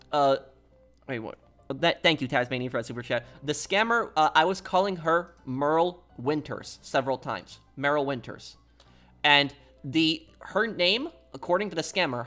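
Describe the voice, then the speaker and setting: A man's voice: a little high, sharp tone. Rambling male streamer chatting casually. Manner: rambling, repeats himself, chatty. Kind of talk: casual live-stream chat while gaming.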